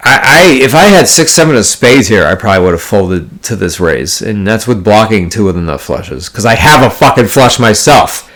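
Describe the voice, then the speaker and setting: A man's voice: on the low side, big pitch swings, moderate pace, hardly any pauses, fairly bright tone. A man telling a poker story in a casual, blunt, profanity-heavy monologue, full of card jargon and rambling restarts. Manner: profane, blunt, exasperated ranting. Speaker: poker player vlogger.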